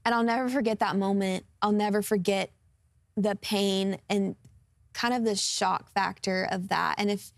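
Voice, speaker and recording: This interview features a woman of about twenty, a guest singer giving her personal testimony with earnest openness and lots of fillers such as "um" and "like." Her mid-range voice holds a steady tone at a moderate pace with some vocal fry, with no room sound.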